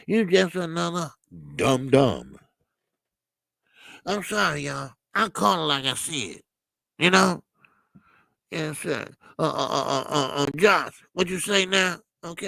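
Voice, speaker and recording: A man's voice: fairly high pitch, normal speed, creaky, sharp tone, no room sound. A man hosting a boxing channel, chatting casually and animatedly with his live chat, full of fillers and restarts. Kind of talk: casual live-stream commentary.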